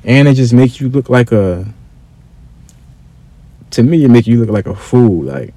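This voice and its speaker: A man's voice: medium pitch, animated, measured pace, mellow, no room sound. A man ranting casually to camera, blunt and profane, circling back over his points with restarts. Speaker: vlogger.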